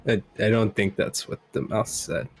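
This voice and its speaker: A man playing in a casual tabletop game, laid-back and quick to laugh. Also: on the low side, fairly even intonation, faint music behind. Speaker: player.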